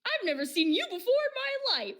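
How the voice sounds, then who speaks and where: A woman voicing a manic, scatterbrained male clown villain in a tabletop game, in a shrill sing-song voice. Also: sing-song, a little fast, a bit bright, full character voice. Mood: gleeful.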